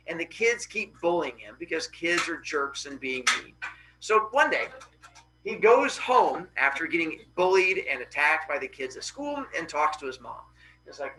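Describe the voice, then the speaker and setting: A male teacher tells a Greek myth to his class in a loose, joking, slangy way. His voice is high and animated, with lots of lift and fall. Its tone is bright and sharp. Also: normal speed, low-quality recording. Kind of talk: casual myth storytelling in class.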